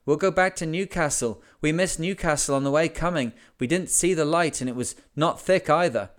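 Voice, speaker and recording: A man voicing a naive young yacht owner who shouts anxiously from his wrecked boat in a read-aloud sea story. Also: fairly high pitch, clean tone, voice pushed up, natural voice. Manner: shouting, raised and hurried.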